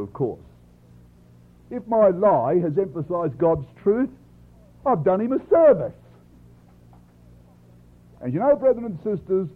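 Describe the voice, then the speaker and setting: A man's voice: on the high side, husky. A man preaching a sermon, expounding scripture in an earnest, emphatic way and often addressing the congregation directly. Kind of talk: sermon, Bible exposition. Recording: tinny phone-like lo-fi recording.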